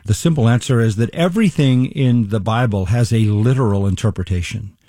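An older man in his seventies, a pastor and Bible teacher, explaining in conversation at a deliberate pace with frequent restarts. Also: lowish voice, dark tone, no echo, clean studio sound. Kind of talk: interview conversation.

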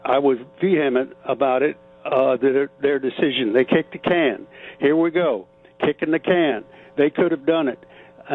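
Male caller from Texas, average pitch, phone-line sound with faint music underneath, emphatic and halting.

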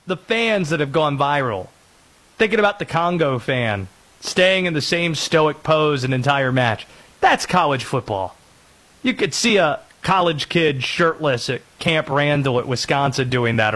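Male sports radio host, high voice, very lively delivery. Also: unhurried. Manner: lively, animated, jokey, breaks into put-on voices.

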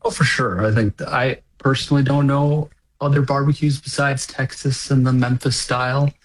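A man from Minnesota, a restaurant owner, giving easygoing, slightly halting answers in a radio interview. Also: mid-range voice, fairly even intonation, poor audio.

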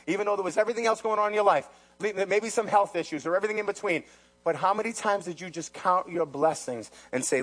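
A male pastor preaching a sermon in an animated, emphatic way, often repeating his phrases. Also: high voice.

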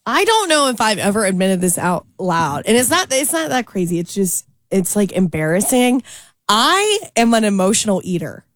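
A woman co-hosting a morning radio show, chatting in a lively way with lots of likes and restarts. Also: mid-range voice, moderate pace, few pauses, no echo. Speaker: radio co-host. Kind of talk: casual morning radio chat.

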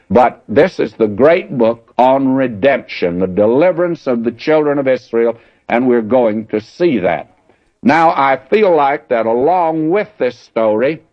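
A man's voice: medium pitch, dry recording. A man giving a folksy, conversational verse-by-verse Bible teaching. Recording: dull lo-fi dry recording.

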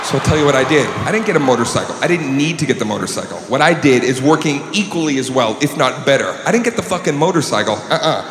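A male stand-up comedian with a loud, swaggering delivery, acting out scenes with shouted voices. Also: mid-range voice, lively intonation, fast talker, hardly any pauses, noisy background. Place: comedy club on stage. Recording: roomy live club recording with crowd.

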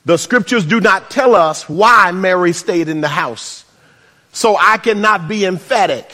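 A man preaching a sermon, swinging between shouts and hushed asides and adding humorous remarks. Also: high voice, unhurried. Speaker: pastor. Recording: reverberant hall.

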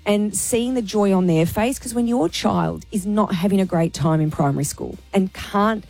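A woman's voice: medium pitch, moderate pace, vocal fry, darkish tone, no echo. A woman with an Australian accent hosting a radio show, making an earnest, emotional appeal to listeners. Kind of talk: talk radio chat.

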